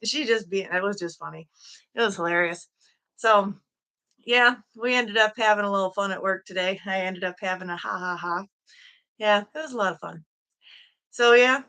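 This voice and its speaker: Streaming alone from her Michigan home, where a quilt hangs on the wall behind her, this host giggles and chats while welcoming viewers by name. She has a bright, forceful tone at medium pitch, a moderate pace, and long pauses.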